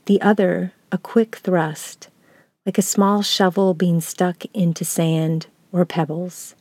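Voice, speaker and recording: A woman from the United States, a lecturer, reading a reflective essay aloud in a slow, measured, contemplative way. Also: lowish voice, flat delivery, mellow, breathy edge, dry recording.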